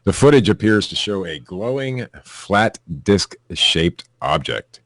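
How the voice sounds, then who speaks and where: A man with a very low voice co-hosts a loose, comedic podcast, reading odd news stories aloud and breaking off for asides. The sound is dry and close to the mic. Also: animated, slow, fairly bright tone, no room sound. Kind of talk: casual comedic news chat.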